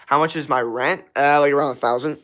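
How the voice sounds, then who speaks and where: A man's voice: a little high, fairly even intonation, brisk, background noise. A man of twenty-one from Florida, hosting a casual livestream and answering chat questions in a laid-back, slangy way. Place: outdoors at night.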